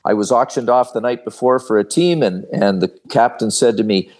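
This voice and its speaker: Older man telling lively stories. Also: fairly low pitch, fairly quick. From Canada. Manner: animated, folksy storyteller. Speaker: guest, former hockey referee. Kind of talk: storytelling in an interview.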